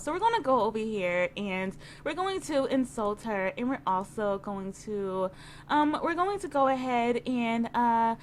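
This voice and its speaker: A young woman talking through her game in a loose, chatty way, leaning on fillers and giggling easily. Her voice sits somewhat high. A faint background hum runs underneath. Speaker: gaming video creator. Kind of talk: game commentary.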